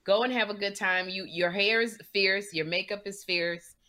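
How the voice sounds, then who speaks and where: Bright-voiced woman, teasing and hyping up her friend. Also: mid-range voice, fairly even intonation, moderate pace. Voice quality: teasing, encouraging. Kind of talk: casual chat with a friend.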